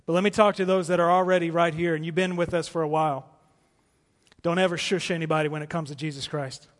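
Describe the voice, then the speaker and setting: A man preaching a sermon as pastor, swinging from emphatic, raised declarations to soft, slow pleas. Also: fairly high pitch, fairly even intonation. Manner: impassioned preaching, rising to emphatic peaks and dropping to soft pleas. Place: church auditorium. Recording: long hall reverb.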